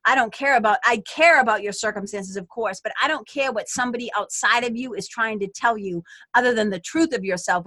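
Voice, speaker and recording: A woman hosts a podcast with an earnest spiritual self-help talk, speaking straight to her listeners. Her voice is bright and forward. The sound is dry and close, from a small closet. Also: mid-range voice, normal speed, no room sound. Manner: earnest, direct address to listeners. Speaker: podcast host.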